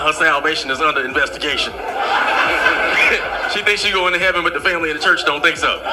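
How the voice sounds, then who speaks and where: A man from the American South with a Southern accent, doing animated stand-up storytelling. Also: high-pitched. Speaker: comedian. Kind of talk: stand-up comedy. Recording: loud background noise.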